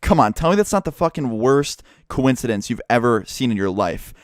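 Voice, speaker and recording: A young man telling a story vlog to his subscribers, animated and profane, swearing freely as he goes. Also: medium pitch, brisk, no room sound, studio quality. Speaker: YouTuber.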